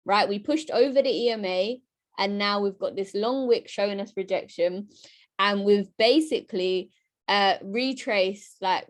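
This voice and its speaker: A woman giving a live-streamed trading lesson, lively and chatty, talking straight to her viewers and often asking "right?". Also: mid-range voice. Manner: talks straight to her chat audience. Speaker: trading educator.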